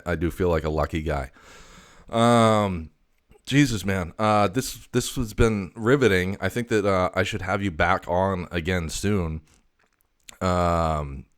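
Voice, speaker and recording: A man hosting a comedic casual chat, stammering, cursing and sounding exasperated. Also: low-pitched. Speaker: video host.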